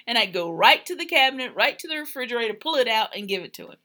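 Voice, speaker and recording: Co-hosting a podcast with her husband, a woman chats casually about marriage, telling stories with warmth and expression and laughing easily. Her voice is fairly high and a little fast, with hardly any pauses.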